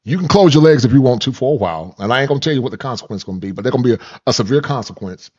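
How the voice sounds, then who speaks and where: A man's voice: mid-range voice, expressive, very fast, a little mellow, breathy edge, highs cut off. A man in his fifties hosting reaction commentary, preachy and repetitive, laughing at his own points and using folksy slang. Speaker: channel host and commentator.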